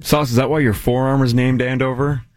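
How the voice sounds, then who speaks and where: A man co-hosting morning radio, teasing with dry, deadpan jokes. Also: medium pitch, brisk. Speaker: radio co-host. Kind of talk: casual morning radio chat.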